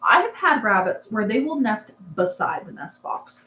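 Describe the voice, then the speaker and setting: A woman's voice: a little high, sing-song, moderate pace, sharp tone, reverberant, a little hiss or hum, poor audio. A young woman hosting a casual livestream, chatting and answering comments in a rambling, filler-heavy way. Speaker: livestream host, rabbit breeder. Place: dark barn at night.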